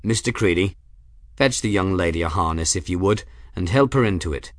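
A man's voice: deep voice, animated, brisk, no echo. A man voicing a grim, stern middle-aged airship captain who favors dry understatement.

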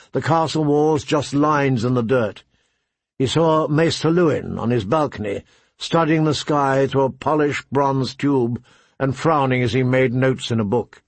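A man narrating an audiobook in a measured, even storytelling manner. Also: medium pitch, slightly rough, dry recording. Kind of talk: scripted narration.

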